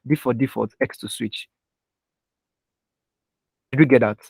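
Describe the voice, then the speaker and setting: A man's voice: medium pitch, unhurried, creaky, darkish tone, breathy edge, no room sound. Young guy w running an online design class, keeps asking "can you see that", dry close mic, keys clicking now and then. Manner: checks in with students often, steps through keyboard shortcuts. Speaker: design instructor. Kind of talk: live online software tutorial. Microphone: computer mic with keyboard taps heard.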